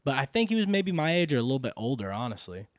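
A man's voice: medium pitch, rapid-fire, no echo, studio quality. A man co-hosting a podcast, telling a work story in casual chat with lots of swearing. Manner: animated, profane storyteller who acts out quotes. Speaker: podcast co-host.

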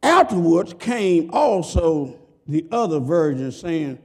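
A man preaching a sermon who swings between shouts and low murmurs, acts out quoted voices in a high pitch, and talks in a folksy, emphatic way. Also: very animated, measured pace, breathy edge. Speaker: pastor.

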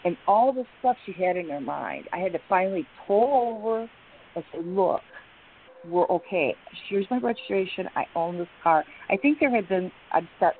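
A middle-aged woman telling a long personal story, rambling with many fillers and restarts. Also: lowish voice. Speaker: guest. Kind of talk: emotional personal account. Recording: tinny phone line with faint hiss.

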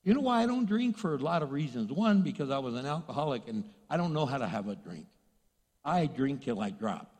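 A male pastor preaching a sermon, animated, asking rhetorical questions and acting out voices. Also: medium pitch, a little fast, big-room sound.

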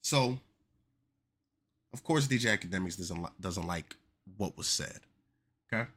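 A young man hosting a casual commentary podcast, animated and joking with exaggerated reactions. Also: deep voice, measured pace. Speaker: podcast host.

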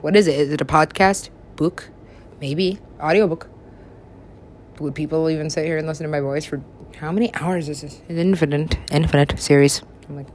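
Giggly lady rambling stories, swears a ton, voice jumps way up when she quotes herself, lowish voice. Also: a little mellow. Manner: giggly, swears a lot, acts out her own quotes with big pitch swings. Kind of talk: rambling casual storytelling.

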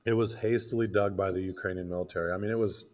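A man's voice: low voice, steady tone, fast, highs cut off. A man from Iowa, a combat veteran guest, bluntly telling a war story in casual, profane podcast talk. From Iowa, United States.

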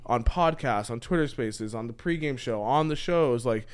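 A man's voice: mid-range voice, moderate pace, slight background noise. A young man, a podcast guest, chatting casually and telling a story with many "like" fillers. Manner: filler-heavy, says "like" constantly, animated storytelling. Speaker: poker player guest.

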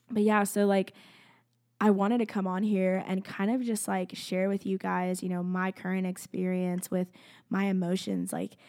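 A young woman, a student, talking casually and earnestly to the camera about her feelings and faith, full of "like" fillers and dipping into soft whispers. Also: medium pitch, creaky. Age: young adult. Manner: rambling, constant "like" fillers, drops into soft whispers. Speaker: student sharing a faith journey. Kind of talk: casual heartfelt talk to camera. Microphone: own microphone, close.

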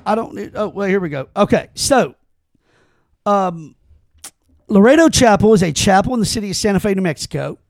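A man with a high, gravelly voice co-hosts a casual podcast, reading aloud haltingly and breaking off with exclamations. The sound is close and dry, with no room around him. He restarts lines often as he goes. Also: darkish tone, dry recording. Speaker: podcast co-host.

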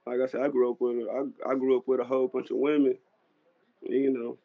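A man's voice: medium pitch, flat delivery, a little fast, creaky, no room sound. A man in his thirties talking bluntly in casual slang during a podcast debate, often repeating himself for emphasis. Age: 30s. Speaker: podcast co-host. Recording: lo-fi dry recording.

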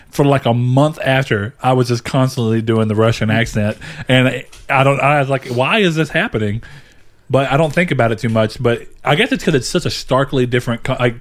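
A man talking in a casual podcast chat, rambling through his thoughts, often restarting sentences and laughing. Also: medium pitch.

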